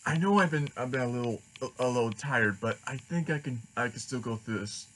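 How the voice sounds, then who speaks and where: A man voicing a heroic young male dragon, an upbeat leader who talks in eager, halting bursts. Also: medium pitch, fairly bright tone, a little hiss or hum, close to an everyday voice, rough recording. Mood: weary.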